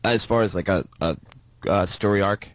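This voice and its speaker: Man, guest actor, low voice, dry, halting. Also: dry recording. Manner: halting, searching for words. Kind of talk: casual chat.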